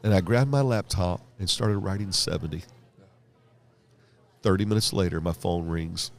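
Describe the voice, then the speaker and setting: A man's voice: low-pitched, moderate pace, vocal fry. A man, telling his story as a pastor guest on a podcast and acting out the voices of people he quotes. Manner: animated storyteller, acts out quoted dialogue. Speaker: guest pastor and leadership author.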